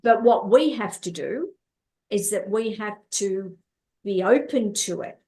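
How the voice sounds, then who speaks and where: A woman's voice: mid-range voice, expressive, unhurried, warm tone. A woman life coach telling stories from her life in an interview, repeating words and acting out what others said. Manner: repeats words, acts out quoted dialogue. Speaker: life coach and therapist guest. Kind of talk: storytelling in an interview.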